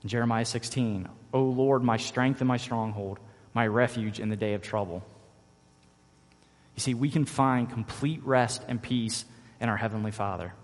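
A man's voice: medium pitch, normal speed. A man, a father, preaching a sermon as pastor, earnest and repeating key phrases for emphasis. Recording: long reverb of a large hall.

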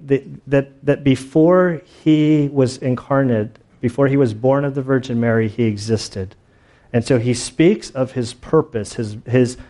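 A man preaching a sermon as pastor, telling stories in a loose, casual way and acting out what people said. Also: medium pitch. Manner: casual storytelling, animated retellings.

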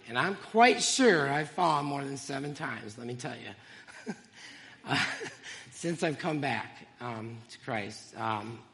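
A man giving an emotional, halting church testimony, with fillers and small laughs. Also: medium pitch, fairly bright tone, big-room sound.

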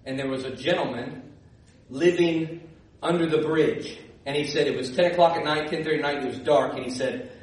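A man's voice: fairly high pitch, fairly quick. A male pastor preaching a sermon, telling stories and building to emphatic repeated calls. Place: church sanctuary. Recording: echoey church hall, distant mic.

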